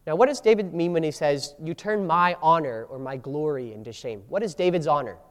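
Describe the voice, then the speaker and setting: A man's voice: fairly high pitch, a little fast, in a large hall. A man preaching a sermon, acting out scripture quotes with changing voice and emphasis. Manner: acts out biblical quotes with shifting voices and emphasis. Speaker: pastor.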